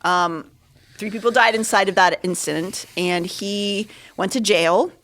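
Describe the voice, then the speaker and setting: A woman co-hosting a podcast livestream in casual chat, animated, her pitch jumping up on punchlines. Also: a little slow. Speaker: podcast co-host.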